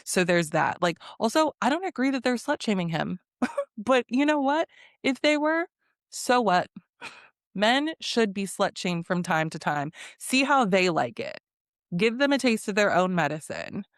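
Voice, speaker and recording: A woman's voice: medium pitch, sing-song, unhurried, dry recording, clean studio sound. A woman giving a casual reality TV recap, blunt, sassy and profane, often breaking into laughter. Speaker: recap vlogger.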